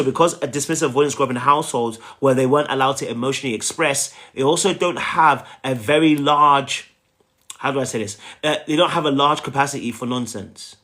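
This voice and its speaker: A man's voice: medium pitch, fairly bright tone. A man giving a relationship coaching talk, emphatic and repetitive, often checking in with "okay?" and "right?".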